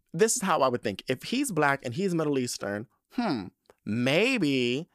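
Man, podcast host, lively ranting delivery with lots of swearing, dry close sound. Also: dry recording. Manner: animated, swearing, exclaiming, rising to shrill outbursts. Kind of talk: casual solo podcast rant.

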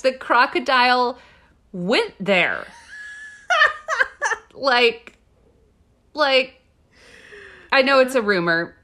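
A woman's voice: sits high, lively intonation, slow pace, long pauses, pushed and bright. A woman co-hosting a podcast, chatting casually with lots of fillers, laughing often and gushing as she reads quotes aloud. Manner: giggly, gushing, filler-heavy. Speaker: podcast co-host.

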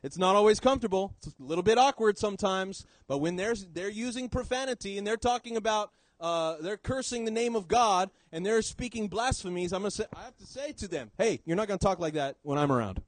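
A man preaching a sermon in church, swinging between loud emphasis and quiet low drops. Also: brisk, hardly any pauses, dry recording, low-quality recording.

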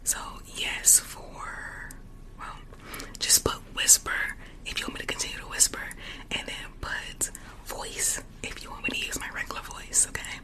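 A woman whispering softly and chatting with viewers during an ASMR live stream, close to a sensitive condenser microphone. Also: normal speed. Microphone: USB condenser mic up close.

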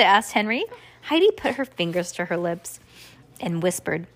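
A woman's voice: mid-range voice, big pitch swings, moderate pace. A young adult woman hosting a podcast, reading a children's storybook aloud with playful asides.

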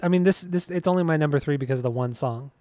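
A man's voice: a little high, fast talker, dark tone. A man co-hosting a podcast in casual chat, easygoing and enthusiastic about the music he likes. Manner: easygoing, enthusiastic, laughs often. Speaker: podcast co-host.

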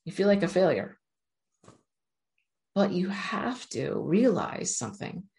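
A woman with a low, deep-set voice speaks straight to her viewers in an earnest, encouraging motivational talk. She addresses them directly and keeps urging them on. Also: sing-song, slow pace, gravelly, darkish tone. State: near tears at moments. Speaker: self-help speaker.

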